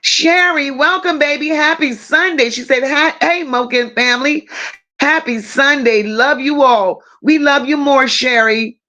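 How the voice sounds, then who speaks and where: Her voice sits high and sounds pushed and bright, and she takes things a little slowly. As a livestream commentary host, she greets viewers one by one with names like baby and boo in a casual chat, and the audio is dull and lo-fi.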